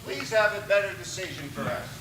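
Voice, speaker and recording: A man's voice: high-pitched, lively intonation, fairly quick, background noise. A young adult man making an agitated, rambling complaint during public comment at a meeting.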